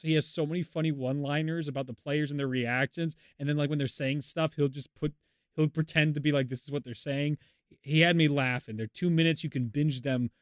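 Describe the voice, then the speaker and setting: Laughing, animated male podcast co-host. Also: fairly high pitch, dry recording, clean studio sound. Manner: animated, laughs often, rambling. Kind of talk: casual chat.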